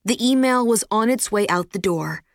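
A woman reading a children's story aloud in an even, measured storytelling voice. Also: on the high side, dry recording, studio quality. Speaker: audiobook narrator. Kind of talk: scripted narration.

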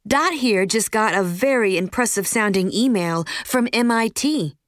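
Woman narrator playing a loud, scheming teen girl, hammy delivery, dry sound. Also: medium pitch, animated, normal speed, dry recording, close to an everyday voice. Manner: loud, theatrical. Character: bold, scheming teenage girl.

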